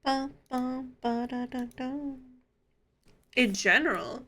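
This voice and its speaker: A woman's voice: high-pitched, takes it slowly, sharp tone. A young woman streaming, chatting casually with her viewers, giddy and laughing often. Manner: giddy, laughs often, talks straight to chat.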